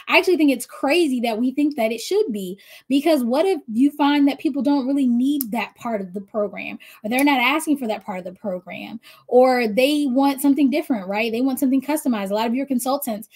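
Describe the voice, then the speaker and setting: A woman's voice: sits high, darkish tone. A woman giving casual motivational business coaching, chatty and talking straight to her listeners. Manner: chatty, addresses listeners directly, frequent "right?".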